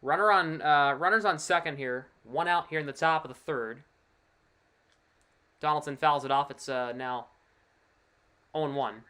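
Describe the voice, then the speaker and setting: A man streaming casual live play-by-play commentary of a baseball game, chatty and excitable over big plays, with offhand asides. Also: on the high side, moderate pace, pauses often, clear, resonant tone.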